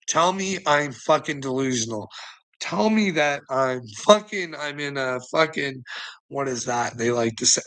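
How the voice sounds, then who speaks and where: A man's voice: on the high side, bright, forceful tone, low-quality recording. A man delivering a rambling, profane monologue as a vlogger, laughing between phrases.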